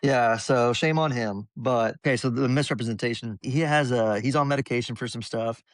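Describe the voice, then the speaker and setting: A young man on a podcast, telling a story in a casual, animated way and acting out people's voices. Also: medium pitch, normal speed, no echo. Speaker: podcast guest.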